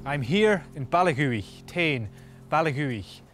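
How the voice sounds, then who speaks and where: A man's voice: fairly high pitch, animated, slow, a bit bright, faint music behind. A man presenting on location in a playful, punning way. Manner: punning, jokey.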